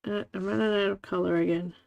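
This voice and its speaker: Woman chatting with a gravelly edge. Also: lowish voice, fairly even intonation, quick pace, darkish tone, dull audio. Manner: chatty storytelling with frequent laughs. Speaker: livestream host. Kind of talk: casual chat while coloring.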